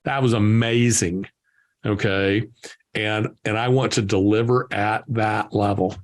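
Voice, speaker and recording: Man telling lively stories. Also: lowish voice, unhurried. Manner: lively anecdotal storyteller, acts out dialogue. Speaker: guest entrepreneur. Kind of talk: conversational storytelling.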